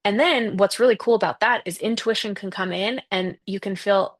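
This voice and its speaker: A woman's voice: medium pitch, brisk, few pauses. A woman guest on a podcast who speaks earnestly and expressively, acting out the things people say to her. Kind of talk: casual interview conversation.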